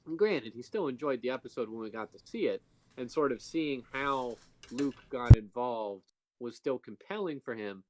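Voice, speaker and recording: A man's voice: medium pitch, lively intonation, normal speed, warm tone, slight background noise. A man co-hosting a casual podcast, telling a rambling story with plenty of fillers. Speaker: podcast co-host. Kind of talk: casual chat.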